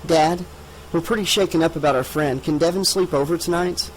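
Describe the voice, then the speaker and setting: A man's voice: a little high, fairly quick, slight background noise, natural voice, low-quality recording. A man doing a sweet pleading teenage girl. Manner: sweet, coaxing.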